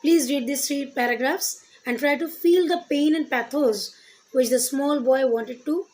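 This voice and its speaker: A woman's voice: high-pitched, unhurried, a little mellow, soft background music. A woman teacher with a Bengali accent explaining a poem to a class, reading lines aloud and then explaining them. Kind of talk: literature lesson explanation.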